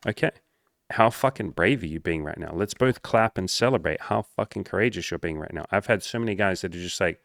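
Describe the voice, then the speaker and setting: A man with a low, gravelly voice talks in a casual monologue as a dating coach. He is blunt and swears often, and his voice jumps higher when he acts out the people he quotes. The sound is close and dry. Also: fast talker, fairly bright tone, no echo. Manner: profane, blunt and emphatic.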